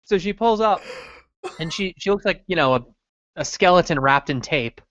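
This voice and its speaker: A podcast co-host swaps a crude, rambling story in loose, joking chat, full of filler words. The voice is mid-pitched and close to the mic. The room sounds dry, and the stream audio is dull. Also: expressive, normal speed, a bit bright, no echo.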